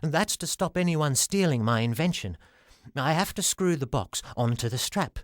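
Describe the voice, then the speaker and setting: A man's voice: a little high, lively intonation, normal speed, no room sound, studio quality, voice pushed up, close to an everyday voice. A man voicing a short, bald, friendly little inventor who talks politely and hesitantly. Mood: eager.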